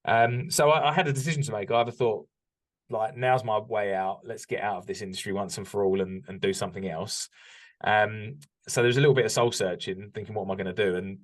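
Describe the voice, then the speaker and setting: A man's voice: on the low side, fairly even intonation, brisk. A British man talking candidly as a podcast guest, reflective and open, with frequent restarts and ums. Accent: British English. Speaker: podcast guest, business owner. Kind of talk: casual interview chat.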